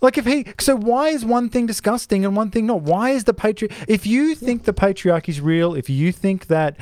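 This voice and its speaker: Man, higher pitch, dry, ranting, restarts a lot, casual podcast chat. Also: animated, moderate pace, darkish tone, dry recording. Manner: ranting, many restarts and asides. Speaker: podcast co-host.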